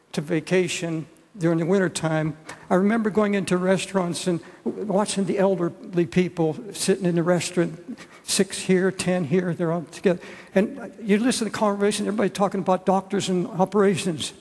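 An older man delivers an earnest sermon in a large church, his voice high for a man and gravelly. He halts and restarts often, and the sound carries a long hall reverb. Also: steady tone, a little mellow. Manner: earnest, halting with repeated restarts. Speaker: pastor.

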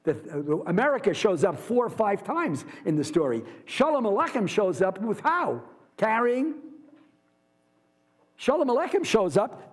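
A man with a high voice teaches a university literature class. He speaks in a lively way and keeps putting rhetorical questions to his students. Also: normal speed, slightly rough. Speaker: literature lecturer. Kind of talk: university lecture.

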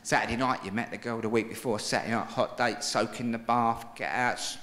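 A middle-aged man doing a live stand-up routine, telling stories in an animated, shouty way. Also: mid-range voice, a little fast, very noisy. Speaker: stand-up comedian. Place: large theatre with live audience. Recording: echoey live hall with loud audience laughter.

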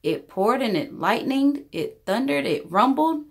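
Woman, storyteller, children's read-aloud, rhyming, very lively pitch, expressive. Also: measured pace.

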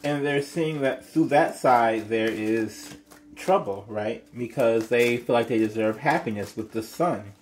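A man reads tarot cards for his viewers in a loose, chatty way. He exclaims often and lets out sudden high-pitched squeals between calmer stretches. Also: a little slow. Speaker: tarot reader. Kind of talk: casual tarot reading to viewers.

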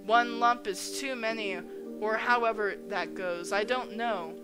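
Slow-reading woman gamer over music. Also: a little high, steady tone. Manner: reads narration, reacts with stunned exclamations. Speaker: let's play gamer. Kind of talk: reading a visual novel aloud. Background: game music.

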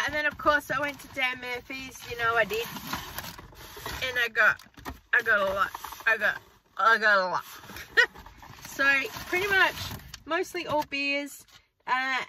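A woman's voice: sits high, background noise. A woman in her forties, chatting casually and upbeat to her vlog viewers from her car, rambling on. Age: 40s. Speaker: frugal-living vlogger. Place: inside a car. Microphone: handheld phone.

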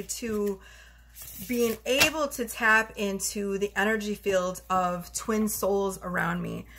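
A woman tarot reader talking casually to the camera from her bedroom, chatty and quick to laugh as she pulls cards. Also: mid-range voice, a bit bright, slight background noise. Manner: chatty, laughs often, talks straight to viewers. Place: bedroom at home.

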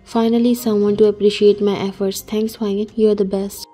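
A woman's voice: medium pitch, little pitch movement, moderate pace, mellow, faint music behind, close to an everyday voice. A woman reading the part of a playful, mischievous male friend and co-worker in a read-aloud story. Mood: teasing. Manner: joking, mischievous. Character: teasing playful male best friend and employee.

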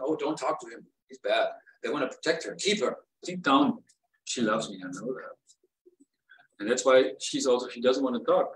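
Man venting his heartbreak. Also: mid-range voice. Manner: pained, rambling, rising to upset outbursts. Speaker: vlogger. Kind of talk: emotional personal monologue. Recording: roomy sound from a distance.

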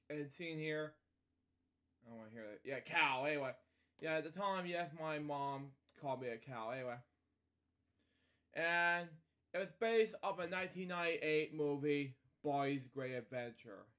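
A man's voice: fairly high pitch, a little slow, a bit bright. A man casually reading a picture book aloud as a storytelling host, stumbling over words and wandering into rambling asides at home.

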